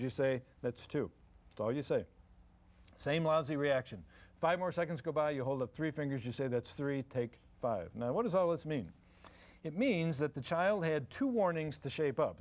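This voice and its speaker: An older man giving a folksy, joking parenting seminar to a live audience, acting out parents and kids. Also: fairly high pitch. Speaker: parenting lecturer. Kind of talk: humorous live seminar talk.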